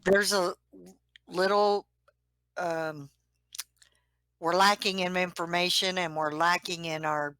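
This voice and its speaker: A woman with a somewhat low voice plays a tabletop game among friends. She talks in a practical, matter-of-fact way. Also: fairly even intonation, slow, pauses often, fairly bright tone, dry recording. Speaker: player. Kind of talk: casual tabletop role-play.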